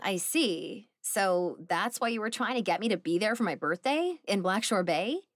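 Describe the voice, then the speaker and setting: A woman's voice: mid-range voice, lively intonation, moderate pace, no room sound, clean studio sound. A woman voicing a dazed young woman in her twenties, incredulous and full of questions.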